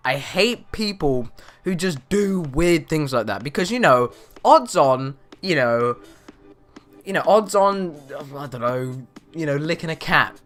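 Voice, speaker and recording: With soft music playing behind him, a teenage boy rambles through a storytelling vlog in a slightly high, unhurried voice. He stays animated and leans heavily on "you know" as filler.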